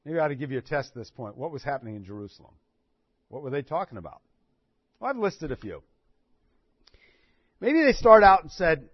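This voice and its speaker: A man's voice: on the high side, big pitch swings, fairly quick, long pauses, slightly rough, no echo. A man preaching a sermon, telling the story with animation and acting out what people said. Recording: dull dry recording.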